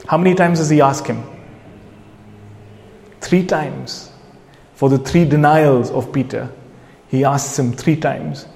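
A man's voice: a little high, moderate pace, a little mellow. A man preaching a sermon, earnestly putting questions straight to his listeners. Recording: long hall reverb.

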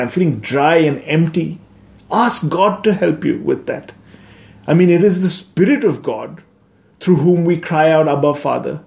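A man's voice: a little high, a little mellow. A man preaching a sermon in a conversational way, often checking in with "right?" and correcting himself. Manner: conversational, frequent "right?" asides, self-corrections. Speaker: pastor.

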